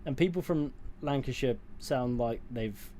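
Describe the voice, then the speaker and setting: A man with a mid-pitched voice chats casually on a livestream. He reads viewers' comments aloud and answers them in a dry, offhand way. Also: unhurried, dark tone, slight background noise. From England. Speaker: streamer reading chat.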